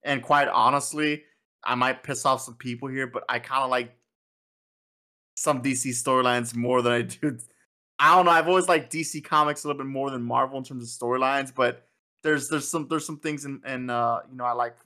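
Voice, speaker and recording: Podcast dude w a sharp bright voice, trips over his words a lot, just rambling. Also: mid-range voice, fairly even intonation, fairly quick. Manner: rambling, stumbles and repeats words. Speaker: podcast co-host. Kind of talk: casual podcast chat.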